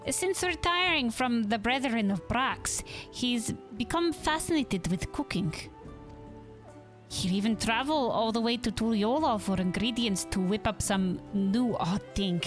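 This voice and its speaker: A woman's voice: sits high, sing-song, moderate pace, voice pushed up. A cheerful villager with a raised, lilting voice, eager to point the way, as a woman puts this figure on. Chatty and helpful, over faint game music.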